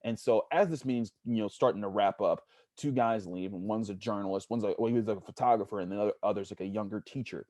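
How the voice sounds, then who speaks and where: A man from Pittsburgh, a sports journalist, talking earnestly as a podcast guest, halting and searching for words. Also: on the low side, a little mellow, no room sound, studio quality. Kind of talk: casual interview storytelling.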